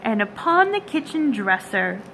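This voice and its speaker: A woman's voice: a little high, very animated, a little slow, bright, forceful tone, slight background noise, exaggerated voice, low-quality recording. A woman voicing a chorus of cheeky little mice who sing and chant rhymes in a storybook. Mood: gleeful. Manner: sing-song, gleeful.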